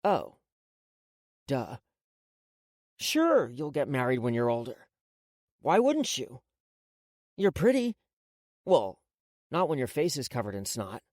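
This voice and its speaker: A woman's voice: rumbling low, big pitch swings, slow pace, pauses often, darkish tone, dry recording, clean studio sound, voice pushed down, heavily acted. A woman voicing a teasing, protective eleven-year-old boy in an audiobook, blunt and playful.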